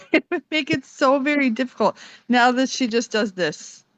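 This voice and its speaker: A young woman talks gently and calmly, laughing lightly as she shares a personal story on a video call. Her voice is smooth and resonant. The sound is dry and close, slightly dull, as from a phone camera. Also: high-pitched, moderate pace, no room sound. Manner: calm, gentle, laughs often. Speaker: meditation participant sharing a story. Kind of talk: casual spoken testimony on a video call.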